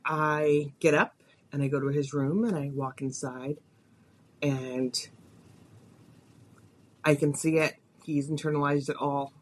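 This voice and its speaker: A woman's voice: low-pitched, fairly even intonation, takes it slowly, long pauses, slight background noise. A woman hosting a podcast, telling a personal story in a confessional, emotional way, her voice rising and falling with feeling. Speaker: podcast host.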